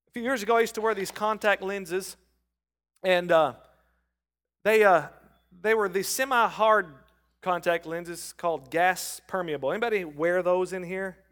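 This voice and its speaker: A middle-aged man preaching a sermon, calling on the congregation and rising from soft talk to loud shouts. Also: high-pitched, a little slow. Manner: calls on the congregation to respond. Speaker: pastor.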